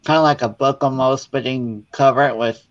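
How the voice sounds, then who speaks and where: A guest crafter, rambling enthusiastically with lots of fillers in casual chat. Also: male voice, mid-range voice, steady tone, a little fast, dull audio.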